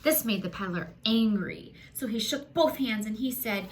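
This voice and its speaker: A woman reading a children's picture book aloud, animated and gasping, talking to young listeners as friends. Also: a little high, normal speed. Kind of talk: expressive children's story read-aloud.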